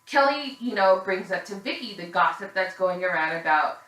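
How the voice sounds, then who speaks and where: A reality TV recap reviewer, a woman with a mid-range, bright, forward voice, gives a casual, opinionated rundown at normal speed. She's animated, candid and gossipy, swearing freely and using lots of fillers, though she sounds a bit tired. Her voice echoes off the hard walls of the room.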